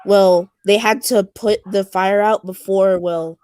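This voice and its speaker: A woman's voice: medium pitch, fairly even intonation, takes it slowly, darkish tone, no room sound. A woman in casual stream chat, rambling with lots of fillers. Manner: rambling, filler-heavy, nerdy train talk. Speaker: stream co-host.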